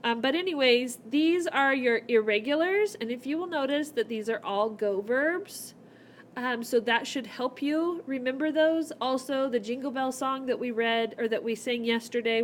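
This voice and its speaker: Chatty high-voiced woman teaching. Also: fairly bright tone, slight background noise. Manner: chatty, explains step by step. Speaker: Spanish teacher. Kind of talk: recorded whiteboard lesson. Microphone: laptop mic.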